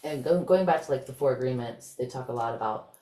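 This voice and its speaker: A woman's voice: extremely low pitch, fast talker. A woman in a book club explaining ideas earnestly, step by step. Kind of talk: casual group discussion. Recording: echoey room with crowd noise behind.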